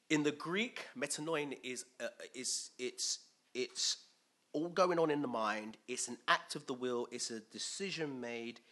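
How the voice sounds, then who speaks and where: Bright-voiced man preaching. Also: medium pitch. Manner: chatty, lively, with lots of fillers and repeated words. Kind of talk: conversational sermon.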